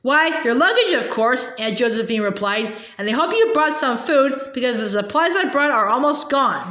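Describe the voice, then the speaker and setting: Fretful, grammar-obsessed old aunt, high and prim; woman reader puts her on; roomy sound. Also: lively intonation, normal speed, sharp tone. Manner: whiny, prim, scolding. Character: fussy fearful older aunt, grammar-obsessed. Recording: roomy echo.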